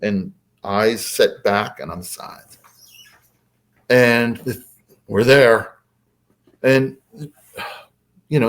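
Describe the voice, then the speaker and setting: A man who is a podcast guest, telling a story casually and hesitantly, with many fillers. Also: lowish voice.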